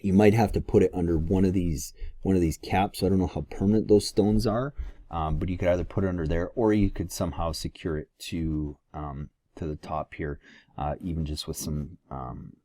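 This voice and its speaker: A very deep, dark-toned man talks through a lighting consultation in an easygoing, halting way, restarting his sentences and filling pauses with "um". His voice sounds dry and close to the mic. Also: steady tone, dry recording. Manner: casual, hesitant, many fillers and restarts. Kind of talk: walkthrough consultation voice-over.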